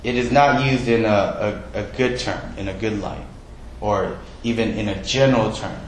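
A man with a lowish, steady voice speaks at a normal pace, recorded roughly in a roomy space with a faint hiss or hum. He's a pastor delivering a conversational sermon, frequently questioning the congregation and making fun of himself.

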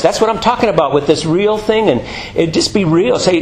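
A man's voice: sits high, fairly quick, reverberant, a little hiss or hum, low-quality recording. A man preaching a sermon, telling jokey stories and acting out voices. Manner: animated, jokey storytelling with acted-out voices.

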